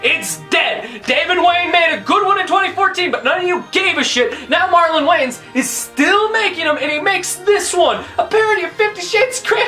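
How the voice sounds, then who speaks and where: Woman, movie reviewer, exasperated profane rant, bright tense voice, faint background music. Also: very high voice, big pitch swings, normal speed. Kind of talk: ranting movie review countdown.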